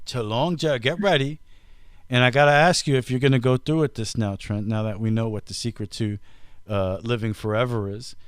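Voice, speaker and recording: A man hosting a casual comedy podcast, teasing his co-host, talking in quick bursts and laughing often. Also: medium pitch, no echo, clean studio sound.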